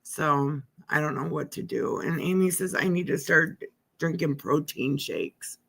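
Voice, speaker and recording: A woman's voice: low voice, a little slow, vocal fry, a bit bright, slightly rough. A middle-aged woman livestreaming from her living room, rambling in casual chat as if talking to herself. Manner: chatty, talks to herself. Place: living room at home by a window.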